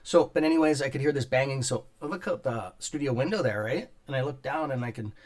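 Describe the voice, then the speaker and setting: Rambling, profane livestream host, coughing often. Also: male voice, mid-range voice, fast talker, a little mellow. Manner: rambling, profane, greets chat viewers by name. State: clearing throat and coughing often. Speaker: stock market livestream host. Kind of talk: casual live-stream chat with viewers. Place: home studio on a top floor.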